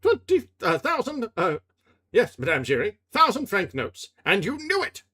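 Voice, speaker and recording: A man's voice: high voice, wildly swooping pitch, normal speed, sharp tone, pitched above the performer's own voice, full character voice. A man reading aloud and voicing a hot-tempered male theatre manager who bellows accusations. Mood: blustering.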